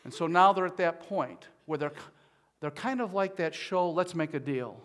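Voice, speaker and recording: A man preaching a sermon as pastor, at times rising to loud pleading as he voices people's prayers. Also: fairly high pitch, moderate pace. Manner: builds to loud pleading when voicing prayers.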